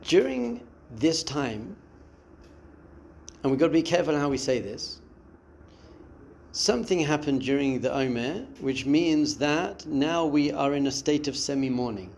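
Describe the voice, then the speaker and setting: A man's voice: fairly high pitch, a little slow, gravelly, slight background noise. A man, a rabbi giving a spiritual lesson and acting out the voices in a listener's head. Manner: expressive, acts out inner voices and quotes. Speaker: rabbi teaching a class.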